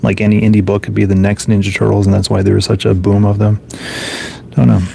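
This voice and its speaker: A man's voice: lowish voice, completely flat delivery, quick pace, creaky, mellow, a little hiss or hum. A man casually thinking aloud as he flips through and reviews old comic books, offhand and musing. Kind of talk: casual solo commentary.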